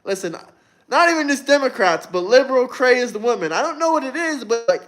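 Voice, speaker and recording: This very high-pitched male voice has lively intonation, a slightly quick delivery, and a somewhat bright tone. He's in his twenties, running a livestream and taunting his chat in a cocky, provocative way.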